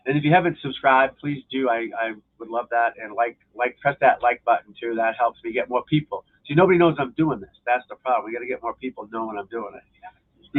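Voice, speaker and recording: A man hosting a golf instruction live stream, rambling casually and swearing as he flips through channels and talks to viewers. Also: medium pitch. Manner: loose, profane, talking to viewers while flipping channels. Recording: tinny phone-like audio.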